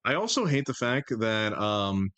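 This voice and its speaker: A man's voice: on the low side, sing-song, unhurried, fairly bright tone, clear, resonant tone, no echo. A young man streaming and bantering with his chat, joking and sarcastic. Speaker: streamer and game master.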